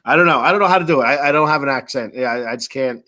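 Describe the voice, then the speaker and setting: A man's voice: mid-range voice, very fast, pushed and bright. A man hosting a sports podcast, reading sponsor ads in a rambling, joking way with lots of fillers. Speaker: podcast host. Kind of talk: casual sponsor reads.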